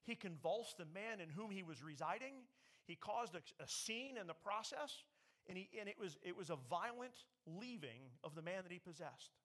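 A man's voice: high-pitched, lively intonation, moderate pace, fairly bright tone. A man preaching a sermon, emphatic, raising his voice when he quotes scripture. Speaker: pastor.

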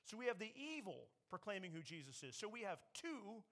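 A man's voice: high voice, big pitch swings, brisk, pushed and bright. A man preaching a sermon, emphatic, raising his voice when he quotes scripture. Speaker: pastor.

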